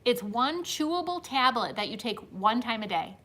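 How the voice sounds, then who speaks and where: A chatty woman in her fifties hosts a casual live stream, talking straight to her viewers. Her voice sits a bit high, bright and forceful, and she laughs easily between stories. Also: animated, normal speed. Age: 50s. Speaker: host.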